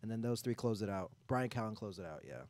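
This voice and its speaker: A man's voice: lowish voice, expressive, quick pace, darkish tone, no room sound. Rambling man on a dry podcast mic. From Ohio. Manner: rambling, lots of fillers. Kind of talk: casual chat.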